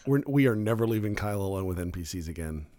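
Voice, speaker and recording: A man's voice: fairly low pitch, quick pace, background noise. A man in casual chat, a first-time game master who rambles, restarts his sentences and livens up when he tells a story. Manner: rambling, self-correcting, animated when telling stories.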